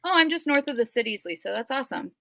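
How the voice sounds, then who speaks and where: Bright-voiced chatty Minnesotan woman. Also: high-pitched, expressive, racing, gravelly, no echo. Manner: chatty, rambling, frequent ums. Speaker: guest. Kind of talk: casual livestream storytelling.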